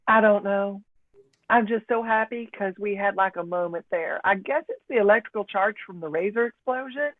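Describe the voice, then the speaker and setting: A woman's voice: mid-range voice, normal speed, dry recording, natural voice. A woman doing a gushing, flirty wife swooning over her husband. The sound is thin and phone-like, dry with no room. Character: giddy, adoring wife. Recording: tinny phone-like line.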